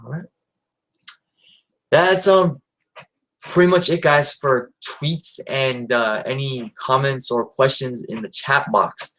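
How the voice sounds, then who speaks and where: A man's voice: medium pitch, takes it slowly, pauses often, a bit bright, rough recording. A man hosting a live stream in a casual, rambling way, with lots of fillers and restarts.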